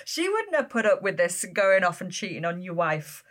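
A woman's voice: fairly low pitch, normal speed. A woman hosting a podcast and chatting expressively with a guest. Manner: expressive, gasping and laughing along. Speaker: podcast host. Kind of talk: casual interview chat.

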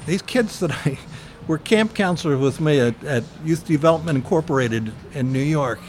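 An older American man giving an oral history interview, telling his memories in an earnest, reflective way with frequent pauses and fillers. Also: fairly high pitch, animated, a little mellow, a little hiss or hum.

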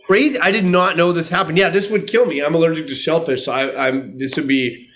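Wry higher-voiced male podcast host. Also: brisk, a bit bright. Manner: wry, incredulous banter. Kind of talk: casual podcast chat.

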